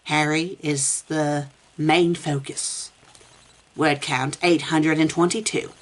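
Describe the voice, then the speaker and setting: A woman's voice: sits low, fairly even intonation, slow pace. A woman reviewing fan fiction for laughs, reading it aloud and answering it with sarcastic, exasperated asides.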